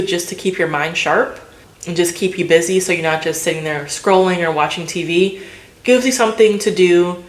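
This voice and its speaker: A woman vlogger chatting casually to the camera, loose and filler-heavy. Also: lowish voice. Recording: roomy echo.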